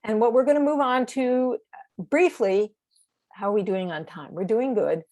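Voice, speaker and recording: A woman's voice: a little high, moderate pace, mellow. A woman directing a speech training course over a video call, explaining assignments in an encouraging, step-by-step way. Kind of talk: online training session.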